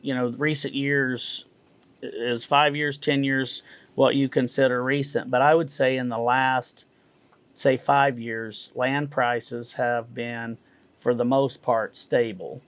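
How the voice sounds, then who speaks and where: Folksy auctioneer, measured speech. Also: male voice, mid-range voice, flat delivery, clean tone, dry recording. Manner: measured, folksy, many uh fillers. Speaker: realtor and auctioneer. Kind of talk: interview answers.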